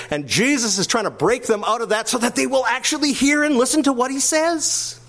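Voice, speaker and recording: An older man delivering a sermon with a fairly high-pitched voice. He preaches with animation, rising into emphatic bursts and dropping into soft, quiet asides. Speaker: pastor.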